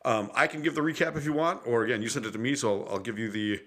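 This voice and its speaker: A man's voice: medium pitch, fast, fairly bright tone. A man co-hosting a podcast, talking politics in a heated, profane rant. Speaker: podcast co-host. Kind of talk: casual political chat.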